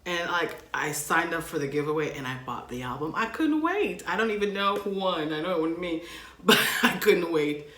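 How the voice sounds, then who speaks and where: A woman massage therapist hosting her own channel, gushing with excitement through a casual unboxing vlog full of slang. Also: fairly low pitch, moderate pace, echoey room.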